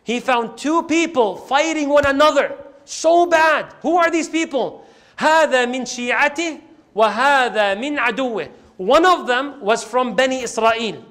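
A man telling a sermon story in animated style, acting out scenes and reciting verses. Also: very high-pitched, measured pace. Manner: animated, acts out the scenes, quotes Quranic Arabic. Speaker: Islamic preacher.

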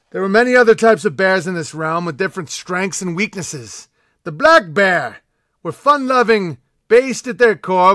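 A man's voice: high voice, fairly bright tone, no room sound, studio quality. A man voicing a grandiose male panda bear herald, proclaiming in a pompous, mock-epic reading.

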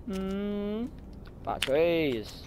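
Jumpy young guy playing a scary game, slow nervous mumbling, kinda highish voice. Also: sing-song, noisy background. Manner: jumpy, nervous muttering with sudden shrieks. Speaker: gaming channel host. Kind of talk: horror game commentary.

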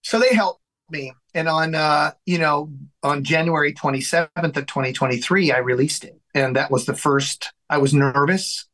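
A man being interviewed in his home studio, telling a long story with lively acted-out dialogue and many restarts. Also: a little high, moderate pace, low-quality recording. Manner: animated storyteller who acts out quoted dialogue; frequent restarts and repeated words. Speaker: guest, singer and songwriter.

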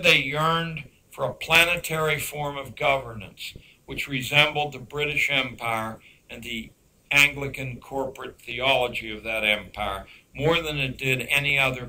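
A man giving a public lecture on education, emphatic and dryly sarcastic, slowing down to stress key words. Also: medium pitch, sharp tone, rough recording. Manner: dry sarcastic asides.

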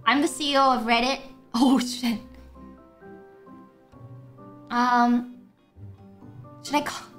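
Very high-pitched, excitable young woman streamer. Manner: excitable, swearing, stammering, laughing often. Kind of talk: casual game-stream chat.

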